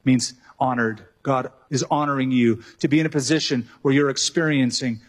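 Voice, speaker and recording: A man preaching a sermon, animated, with joking asides and acted-out quotes. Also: medium pitch, normal speed. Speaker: pastor.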